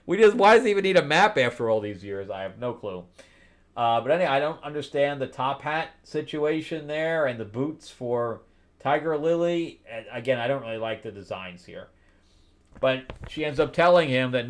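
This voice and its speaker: Man, comic review host, blunt, exasperated, frequent laughter, mutters then rises loudly. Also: animated, moderate pace. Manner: blunt, exasperated, laughs often, swings from low mutter to loud disbelief. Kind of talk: casual spoken review commentary.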